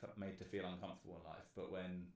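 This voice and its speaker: Fast-talking English man in an echoey room. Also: low voice, flat delivery, a little mellow. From England. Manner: rambling, swearing, many restarts. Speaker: podcast co-host. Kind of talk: casual chat over drinks.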